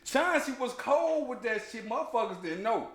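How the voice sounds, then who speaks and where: A man telling a childhood story in casual chat, animated and laughing, full of slang and restarts. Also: very high-pitched, moderate pace. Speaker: podcast host. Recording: echoey room.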